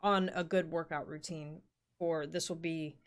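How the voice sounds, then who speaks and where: A woman's voice: low voice, steady tone, measured pace. A woman in her forties telling a rambling work story in casual chat, full of fillers and the odd swear word. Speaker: podcast co-host.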